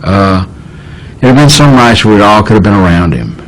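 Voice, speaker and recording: A man giving a documentary interview, recalling past events in an emphatic, halting way. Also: lowish voice, animated, slight background noise, low-quality recording.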